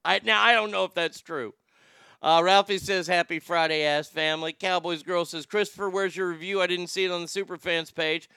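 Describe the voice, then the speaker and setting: A man's voice: sits high, fairly even intonation, fairly quick, sharp tone, clear, resonant tone, no echo, studio quality, faint music behind. A man hosting a casual morning radio show, reading listener messages in a brash, profane, joking way and often stammering.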